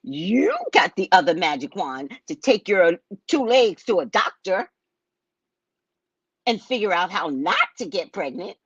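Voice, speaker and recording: A woman with a West Indian accent, a psychic hosting her own show, telling stories about her clients in a casual, animated way and acting out their voices. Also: a little slow, husky, dry recording, dull audio. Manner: animated, acts out clients in loud high voices. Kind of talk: casual storytelling monologue.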